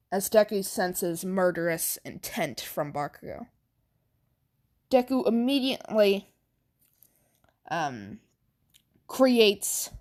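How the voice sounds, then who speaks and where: A woman's voice: mid-range voice, a little mellow. A woman improvising a fan story aloud, hesitant and stammering with many fillers.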